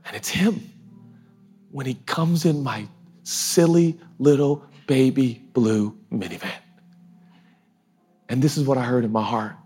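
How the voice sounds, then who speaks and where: A man's voice: mid-range voice, slow pace, long pauses, mellow, husky. A man preaching a sermon in an emotional, conversational way, often laughing as he talks.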